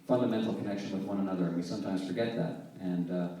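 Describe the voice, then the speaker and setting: A man from Halifax, Canada, a singer-songwriter telling a story between songs in a relaxed, conversational way. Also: low-pitched, fast. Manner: relaxed, conversational, softly spoken. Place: theater stage. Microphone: distant camera mic in the audience. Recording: echoey theater, distant camera mic.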